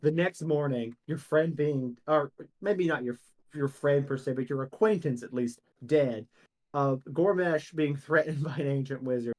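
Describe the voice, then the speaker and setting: A man narrating as game master of a tabletop role-playing game, laughing often between quick asides. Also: a little high.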